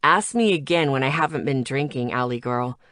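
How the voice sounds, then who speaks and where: A woman voicing a gentle, weary young man in an audiobook, with a soft, low-key delivery. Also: fairly quick, no room sound, studio quality. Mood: sad.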